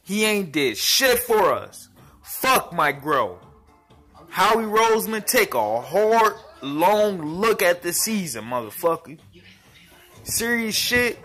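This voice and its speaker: A man delivers a heated, profanity-laced fan rant, circling back to the same complaints again and again. His voice sits a little high and has a sharp, bright edge. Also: very animated, takes it slowly, faint music behind. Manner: profane and heated, repeats himself. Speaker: sports fan vlogger.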